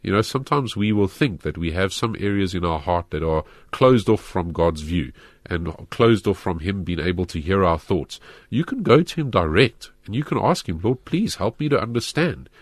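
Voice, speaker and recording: Man, pastor, very deep voice, lively earnest delivery, dry close mic. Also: normal speed, no echo. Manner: earnest, animated explaining. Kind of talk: Christian talk show discussion.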